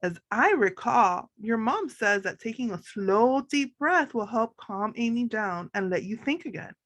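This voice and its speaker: A woman voicing a gentle, motherly hippocampus character in a storybook who calls the girl dear. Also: on the high side, animated, unhurried, no room sound. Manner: soft, fond, calls everyone dear. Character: kind motherly female hippocampus, gentle and a bit scatterbrained.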